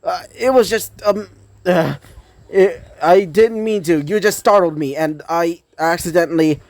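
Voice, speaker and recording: A high, flustered young ninja girl who stumbles over her own words and tries to deny everything, as a man puts her on. Her pitch lifts well above a man's usual range, a fan-made storybook voice. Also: normal speed, no echo, natural voice. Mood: embarrassed. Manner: stammering, embarrassed denials. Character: flustered, normally composed young female ninja.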